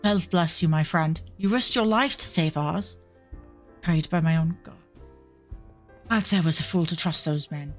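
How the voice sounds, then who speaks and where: A woman putting on a hunted male reformer with a thick Cockney accent, agitated and quick to curse. The voice sits fairly low for a woman, voiced like a fantasy game character. Faint game music runs underneath. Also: close to an everyday voice. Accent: Cockney, put on. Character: harried male reformer fleeing powerful enemies.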